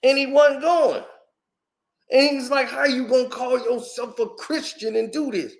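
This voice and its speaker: High-voiced, animated storytelling man. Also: unhurried, vocal fry, roomy sound. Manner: animated, acts out quotes, laughs often. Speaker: host. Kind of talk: casual storytelling commentary.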